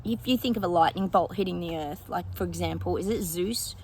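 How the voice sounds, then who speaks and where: Talking loosely to her viewers, this psychic rambles through her predictions, thinking aloud, filling gaps with fillers and laughing often. She speaks a little fast in a lowish voice, and there's slight background noise.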